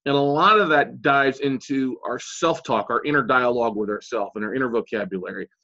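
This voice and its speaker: Man, podcast host; mid pitch, relaxed conversational, muffled lo-fi recording. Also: brisk. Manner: relaxed conversational, steering the talk. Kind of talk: casual podcast interview. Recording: dull lo-fi sound.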